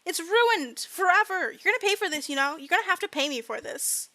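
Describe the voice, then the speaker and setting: A spoiled, indignant rich girl wails over her ruined jacket, as a woman puts her on. The voice is high and bright, with a dry, close sound. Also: expressive, a little fast, dry recording, full character voice. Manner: whiny, indignant complaining. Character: haughty rich young woman upset over ruined clothes.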